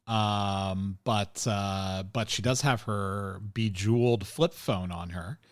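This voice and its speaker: A man's voice: fairly low pitch, slow, no room sound, studio quality. A man co-hosting a podcast, recapping a TV episode in casual chat, rambling and opinionated with lots of fillers and chuckles. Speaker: podcast co-host.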